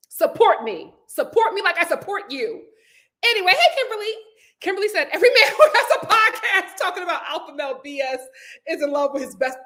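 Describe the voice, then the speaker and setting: In a very high-pitched voice, a little on the fast side, a young woman hosts an easygoing live stream. She reads audience comments out loud and chats animatedly, often breaking into laughter.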